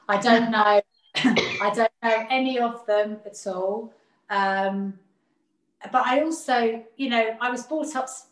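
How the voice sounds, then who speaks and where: A woman speaking earnestly as an interview guest, reflecting on her family and often repeating words as she gathers her thoughts. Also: fairly high pitch. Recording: roomy echo.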